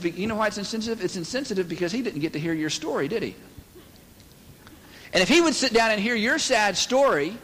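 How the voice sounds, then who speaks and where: A man's voice: sits high, a bit bright, big-room sound. A man preaching a sermon to a church congregation in a conversational way, acting out the voices of the people he quotes. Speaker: pastor. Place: church sanctuary.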